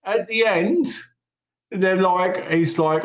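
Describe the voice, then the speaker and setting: Animated man recapping films in a roomy room. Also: on the high side, a little slow, highs cut off. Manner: animated storyteller, retells plots with quoted lines. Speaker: podcast co-host. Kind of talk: casual film-review chat. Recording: roomy echo.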